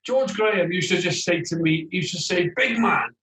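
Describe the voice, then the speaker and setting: Man, 40s, ex-player guest, animated raconteur, slightly high voice, echoey room. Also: fairly quick. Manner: animated, tells stories with lively quoted voices. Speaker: guest, former footballer. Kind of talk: casual interview storytelling. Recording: roomy echoey room sound.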